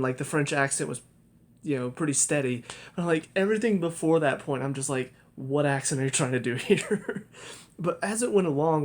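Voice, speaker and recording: Young male reviewer, casual and rambling, mid-range pitch, conversational delivery. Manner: conversational, rambling with many fillers and restarts. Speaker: TV show reviewer.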